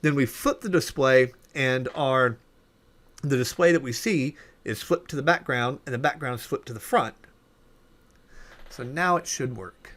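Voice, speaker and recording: A man's voice: mid-range voice, measured pace, fairly bright tone. Man talking through code as he types. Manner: thinking aloud while typing, many fillers and self-corrections. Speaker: programming instructor. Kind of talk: casual coding tutorial.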